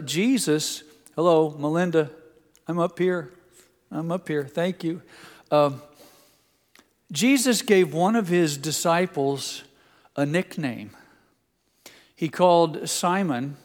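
An older man serving as pastor entertains his assembled congregation with teasing, homespun family stories in his sermon. His voice sits on the high side, and the large hall gives it a lingering reverb.

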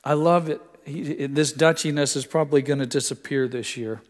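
An older man preaching a sermon, telling stories full of quotes and dropping his voice soft for emphasis. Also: on the high side, steady tone, moderate pace. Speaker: pastor. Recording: long hall reverb.

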